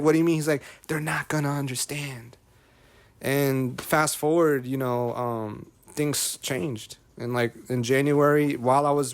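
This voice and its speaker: A man in his thirties who opens up on a podcast, emotional and preachy. He circles back and repeats his phrases as he speaks. His voice sits at an ordinary middle pitch. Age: 30s. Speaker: guest, rapper and content creator. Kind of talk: candid podcast conversation.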